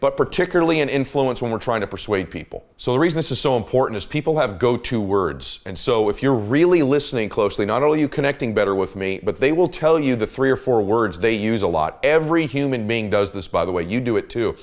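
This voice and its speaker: Man, middle-aged, host, motivational talk, emphatic, repetitive phrasing, mid-pitched voice. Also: lively intonation, fast talker, hardly any pauses. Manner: emphatic, repetitive coaching cadence.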